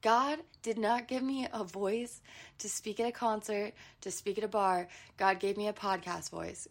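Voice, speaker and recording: A woman's voice: mid-range voice, fairly even intonation, moderate pace. A woman in her twenties with a groggy morning voice, hosting her solo podcast in a chatty, candid way with little giggles. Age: 20s. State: morning voice, not warmed up. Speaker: podcast host. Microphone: podcast microphone.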